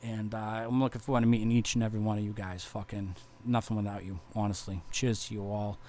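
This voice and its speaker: Young male metal bassist from Massachusetts, casual, swears constantly, rambling and sincere. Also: little pitch movement, fast talker, a little mellow. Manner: profane, rambling, heartfelt, lots of fillers. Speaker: touring metal bass player. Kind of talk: casual vlog thank-you message.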